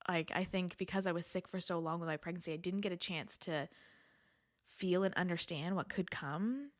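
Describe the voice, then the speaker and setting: A woman's voice: on the low side, moderate pace, no room sound, clean studio sound. A young adult woman hosting a solo podcast in a chatty, earnest way, laughing often and repeating words for emphasis. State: has the hiccups. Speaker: podcast host. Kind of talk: casual solo podcast talk.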